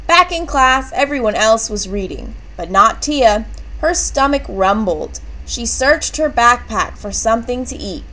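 A woman reading a children's book aloud, with clear and expressive storytelling. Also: fairly high pitch, a little slow, low-quality recording. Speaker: storybook reader.

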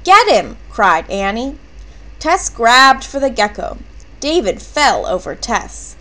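Lively woman reading a children's book. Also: a little high, slow. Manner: expressive, character voices with excited shouts. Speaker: reader. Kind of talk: children's book read-aloud.

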